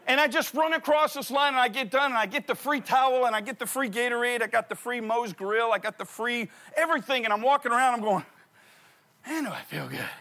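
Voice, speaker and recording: A man preaching a sermon through an animated, comic personal story. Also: very high-pitched, fast talker, few pauses.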